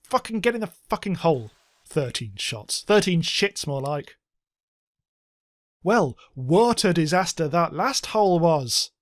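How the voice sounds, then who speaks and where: A man giving casual let's-play commentary, excitable, swearing a lot and making silly sound effects. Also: fairly high pitch, unhurried, no echo, studio quality. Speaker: gameplay commentator.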